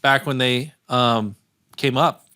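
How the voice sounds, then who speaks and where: A man's voice: medium pitch, steady tone, slow, sharp tone, clean tone. A man as a podcast guest in casual chat, telling stories in a rambling way with many filler words and easy laughs.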